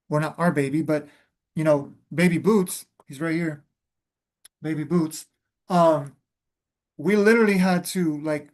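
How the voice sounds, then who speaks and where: Hosting a reflective spiritual conversation, this man speaks earnestly and addresses the listener as "beloved." His voice sits on the high side, and he often restarts phrases while searching for the right words.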